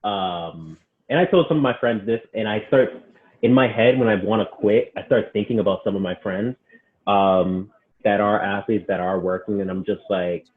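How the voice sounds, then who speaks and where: Deep-voiced man on a tinny line. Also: moderate pace. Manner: retells client stories, quoting them with many "he's like". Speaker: personal trainer, podcast guest. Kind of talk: casual storytelling interview.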